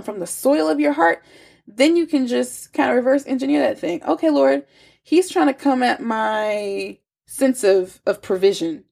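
A woman's voice: medium pitch, vocal fry, a little mellow, slightly rough. A woman giving a casual, emphatic devotional teaching with chatty asides, her nose stuffy and congested. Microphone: phone.

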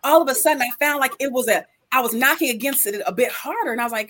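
A middle-aged woman speaking about faith in a casual conversation, animated and preachy, acting out her own thoughts and calling listeners girl and sis. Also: sits high, fast, hardly any pauses. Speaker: guest speaker.

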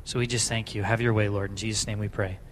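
A man's voice: lowish voice, level tone, fast, a little hiss or hum. Man leading an earnest church prayer. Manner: earnest, repeats simple phrases. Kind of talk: public prayer. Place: church sanctuary.

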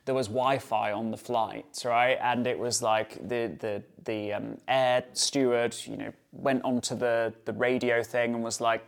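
A man's voice: medium pitch, flat delivery, unhurried, gravelly, hardly any pauses, clear, resonant tone. A man hosting a solo dog-training podcast, talking in a chatty way with many fillers and tag questions. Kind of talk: casual solo podcast talk.

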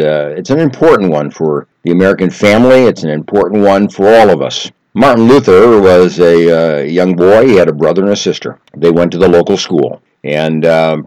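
A man telling a story in an earnest, measured way, building emphasis through repetition. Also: sits low, a little mellow, no room sound, rough recording. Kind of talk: reflective storytelling talk.

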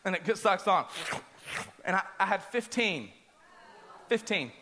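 A man preaching a sermon, telling a personal story in an animated way and acting out his own screams. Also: high-pitched, measured pace, background noise.

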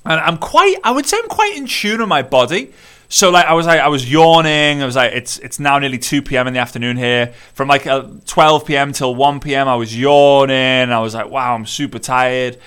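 A man from the United Kingdom giving an energetic, repetitive motivational talk to business builders, addressing listeners directly. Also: medium pitch, a little fast, clear, resonant tone. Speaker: network marketing business coach. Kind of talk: motivational monologue.

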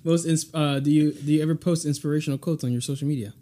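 Man hosting a quick-fire question game. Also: on the high side, fairly even intonation, dark tone. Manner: laughs often, stumbles and restarts. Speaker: podcast host. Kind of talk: casual rapid-fire questions.

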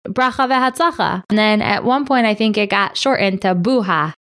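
A woman's voice: medium pitch, moderate pace, a bit bright. A young adult woman hosting a panel interview with children, enthusiastic and encouraging, often dropping Yiddish and Hebrew words.

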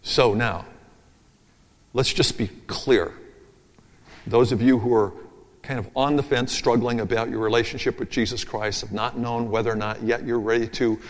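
A man's voice: medium pitch, fairly even intonation, normal speed. Man preaching in a reverberant hall. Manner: emphatic, repeats key phrases in a rhythmic build; talks through his notes aloud, with asides. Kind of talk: sermon. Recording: long reverb of a large hall.

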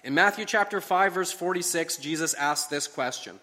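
A man preaching a sermon in a measured, earnest way, slowing down to stress key phrases. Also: on the high side, pushed and bright, in a large hall. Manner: measured, earnest delivery with slow emphatic phrases.

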